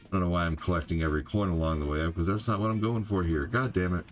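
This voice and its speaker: Low-voiced older man streaming a game. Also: racing, faint music behind. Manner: rambling, heavy on "you know" and "like". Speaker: gaming streamer. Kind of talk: live gameplay stream chat.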